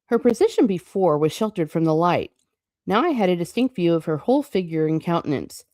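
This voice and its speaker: A woman reads a classic novel aloud, her voice pitched a little low. She stops often for quick, chatty, playful remarks. The sound is dry and close, with no room echo. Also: big pitch swings, mellow. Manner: chatty asides between passages, quick and playful. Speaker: book reading channel host. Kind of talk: reading a novel aloud with casual commentary.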